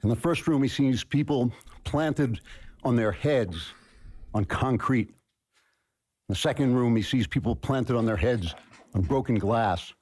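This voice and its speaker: Man giving a dry, measured speech. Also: medium pitch, a little mellow. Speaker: speaker. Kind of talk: university speech.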